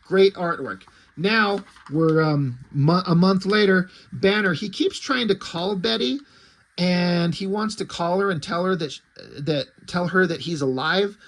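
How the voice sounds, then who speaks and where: A man gives a casual, rambling comic book review, walking through each page. His voice sits fairly high. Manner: rambling, with frequent ums and restarts.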